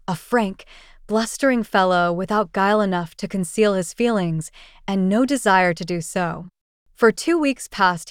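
A woman narrating a classic short story in a measured, even audiobook reading. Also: medium pitch, clear, resonant tone, no room sound, studio quality.

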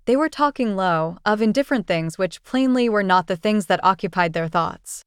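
A woman reads a period short story aloud in a measured, storytelling manner. Her voice is smooth and clean at a mid pitch. The recording is close and dry. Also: lively intonation, no room sound. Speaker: narrator. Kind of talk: audiobook reading of a classic story.

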